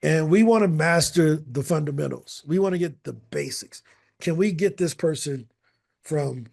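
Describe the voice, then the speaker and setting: High-voiced energetic male course coach. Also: moderate pace, vocal fry. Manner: energetic, repetitive, fond of rhetorical "right?". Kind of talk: casual group coaching call.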